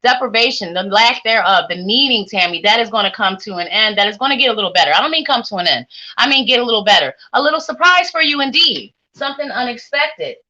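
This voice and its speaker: Bright-voiced chatty woman reading tarot. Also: on the high side, lively intonation, fast talker. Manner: warm chatty, sing-songy, playful asides. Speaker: psychic tarot reader. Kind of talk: live-streamed reading for viewers. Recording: lo-fi stream audio.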